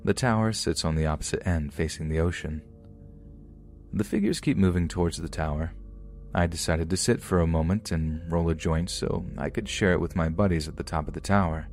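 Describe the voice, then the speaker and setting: A man reading submitted true scary stories aloud in the first person as a podcast narrator, in a steady, measured way. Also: low-pitched, faint music behind.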